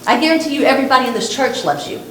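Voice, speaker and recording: A woman's voice: high voice, lively intonation, very fast, fairly bright tone, slight background noise. Earnest Texan woman in an echoey hall. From Texas. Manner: earnest, repetitive, direct to young listeners. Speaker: suicide prevention speaker. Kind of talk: talk to church students. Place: church hall.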